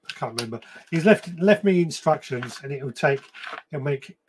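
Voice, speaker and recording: A man's voice: on the high side, animated, normal speed, noisy background. A man hosting a live gardening stream, chatting casually and reading out viewer comments, with frequent ums and restarts. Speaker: podcast host.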